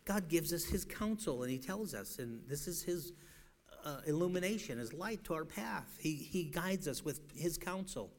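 A male preacher giving an evangelistic sermon in a church, shouting one moment and pleading softly the next, often repeating himself. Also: fairly high pitch, lively intonation, moderate pace. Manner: swings from shouting to hushed, pleading; repeats words and restarts. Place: church sanctuary.

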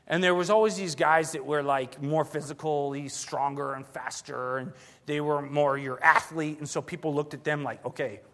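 A man preaching a sermon, telling stories in an animated, excitable way with bursts of shouting. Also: on the high side, normal speed.

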